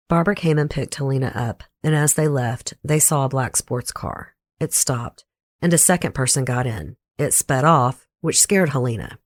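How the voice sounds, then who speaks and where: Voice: mid-range voice, dry recording. A true crime podcast host with a Southern US accent, reading a scripted case narration with blunt, opinionated asides.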